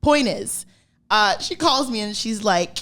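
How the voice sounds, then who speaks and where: Female podcast co-host, lively storyteller, casual and profane. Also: fairly high pitch, measured pace. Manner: animated storyteller, acts out quoted dialogue, swears casually. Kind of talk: casual chat.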